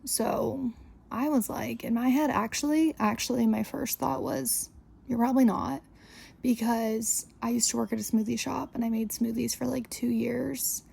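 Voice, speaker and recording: Young female podcast host, chatty storyteller, husky, slightly high voice. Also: steady tone, moderate pace, a little mellow. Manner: chatty, exasperated, full of "like". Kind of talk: casual storytelling monologue.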